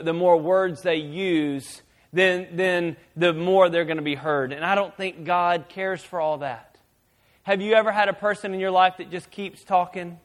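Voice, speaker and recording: A man preaching a sermon as a pastor, animated and shouting at times for effect. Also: high-pitched.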